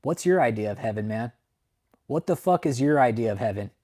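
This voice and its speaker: Talking briskly in a medium-pitched, darkish, expressive voice, a young channel host chats casually with his livestream viewers. He rambles, gets emotional, curses a lot, and ends his sentences with "man."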